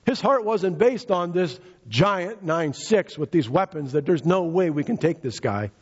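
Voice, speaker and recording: A man's voice: sits high, expressive, a little slow, slightly rough. A man preaching a sermon, retelling scripture in casual speech and repeating key phrases for emphasis. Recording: dull lo-fi recording.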